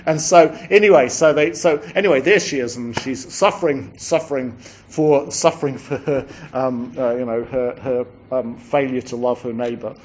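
A man's voice: mid-range voice, normal speed. Rambling man preaching a story sermon. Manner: rambling storyteller, many restarts and asides.

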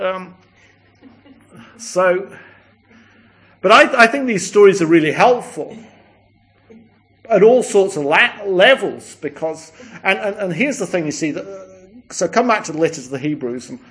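Man, preacher, slightly high voice, rambling storytelling sermon full of asides.

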